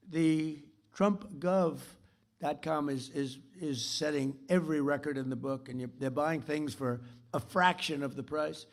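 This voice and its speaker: A man's voice: a little high, vocal fry. An older man giving a rambling, boastful, repetitive off-the-cuff keynote speech. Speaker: keynote speaker.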